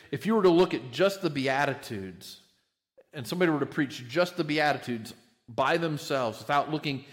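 A man preaching a sermon, conversational and repetitive, often checking in with "right?". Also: on the high side. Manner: conversational, repeats words, frequent "right?". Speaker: pastor.

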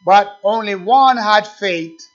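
A man preaching a sermon, swinging between quiet asides and fervent rising calls. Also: high voice, slow, highs cut off.

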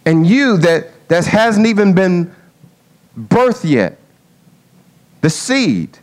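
A man preaching a sermon with an object lesson, in a folksy way that swings from quiet asides to loud dramatic calls. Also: sits high, very animated, drawn-out words, long pauses.

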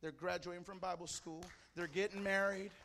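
A man's voice: high-pitched, fairly even intonation, a little fast, bright, forceful tone, big-room sound, a little hiss or hum. A man from Mexico preaching to a church congregation, fervent and telling stories in short, punchy phrases. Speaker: pastor. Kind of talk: sermon. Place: church service.

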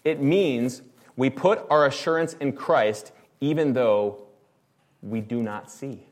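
A man's voice: medium pitch, slow pace. A man preaching a sermon in an emphatic, conversational way, often asking the congregation rhetorical questions. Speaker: pastor.

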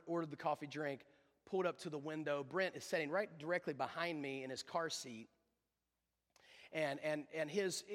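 A pastor delivers a sermon in a bright, cutting voice that sits a bit high for a man. His delivery is fervent and emphatic, pressing into loud, driving runs. The sound carries a long reverb from a large church hall.

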